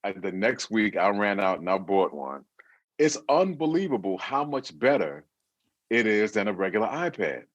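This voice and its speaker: Brief: middle-aged male guest, animated storyteller, dry close sound, teasing and laughing. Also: fairly low pitch, moderate pace, no room sound, muffled recording. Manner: joking storyteller, imitates voices, laughs a lot. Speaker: guest singer. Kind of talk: casual interview chat.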